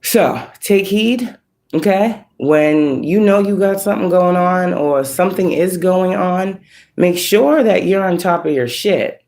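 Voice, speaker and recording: A woman, working as a spiritual reader, casually retelling a dream to her online audience in a profane, animated, laughing way. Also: lowish voice, unhurried.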